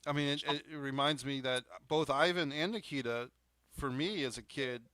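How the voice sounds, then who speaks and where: A male co-host chatting casually and relaxed, often saying "you know" and "I mean.". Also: a little high, moderate pace, clean tone, dry recording. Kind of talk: casual chat.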